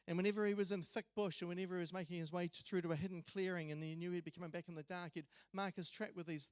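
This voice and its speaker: High-voiced kiwi man giving a eulogy. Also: dry recording. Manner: conversational storytelling with hesitations. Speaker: eulogy speaker. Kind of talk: memorial eulogy. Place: church.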